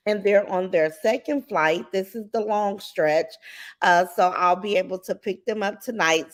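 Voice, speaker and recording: A woman hosting her own livestream, greeting viewers in the chat one by one in a sing-song lilt, then chatting loosely about her day with plenty of ums. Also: mid-range voice. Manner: relaxed, rambling chat with many ums. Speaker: livestream host.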